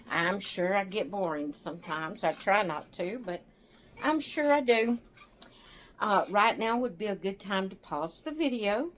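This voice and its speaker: A tired woman hosting her own channel, chatting to viewers in a rambling, relaxed way and yawning now and then. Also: mid-range voice, unhurried, slight background noise. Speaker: doll channel host. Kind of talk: casual chat to viewers.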